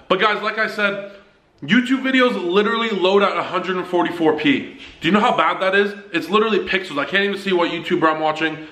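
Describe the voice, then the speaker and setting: A man vlogging casually to a handheld camera in an apartment, chatty and excitable, rattling off complaints. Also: sits high. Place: apartment indoors. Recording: echoey room.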